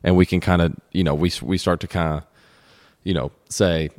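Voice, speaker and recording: A man co-hosting a podcast, speaking reflectively and personally about faith, with halting repeats. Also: deep voice, fairly even intonation, a little mellow, no room sound, studio quality. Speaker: podcast co-host. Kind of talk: casual faith discussion.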